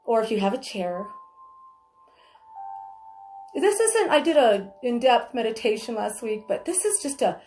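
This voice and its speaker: A woman's voice: fairly high pitch, big pitch swings, a little slow, long pauses, a little mellow, reverberant, faint music behind. A woman guiding a yoga class with chatty, encouraging step-by-step cues. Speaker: yoga instructor. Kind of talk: guided yoga instruction. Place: home studio room.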